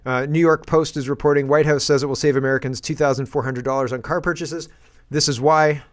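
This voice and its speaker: A man's voice: mid-range voice, fairly even intonation, normal speed, no room sound, clean studio sound. A man who hosts a casual political commentary show, talking sarcastically with chuckling asides. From Canada.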